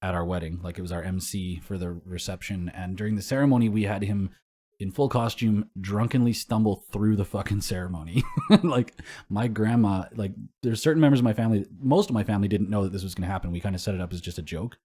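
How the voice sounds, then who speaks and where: Young man, low voice, casual podcast co-host, rambling, swears a lot. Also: fast talker, mellow. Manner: rambling storyteller, swears and laughs often.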